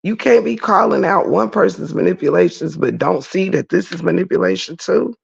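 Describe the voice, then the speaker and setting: A man hosting a casual livestream reads the chat and rants bluntly with plenty of profanity, breaking into shouts of laughter. His high-sitting voice is a little fast, creaky and breathy-edged, captured in dull lo-fi stream audio.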